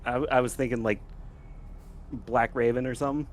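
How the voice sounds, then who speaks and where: A man playing a tabletop horror game, relaxed and a little hesitant as he describes his character's moves. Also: medium pitch, moderate pace. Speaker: player. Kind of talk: casual tabletop role-play.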